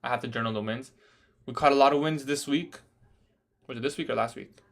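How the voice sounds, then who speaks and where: Young male streamer, laid-back and conversational, reads chat aloud, mid-pitch everyday voice. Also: brisk, gravelly. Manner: casual, says "bro" often, laughs at odd questions. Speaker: day trader livestreaming. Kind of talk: casual livestream chat reading viewer questions.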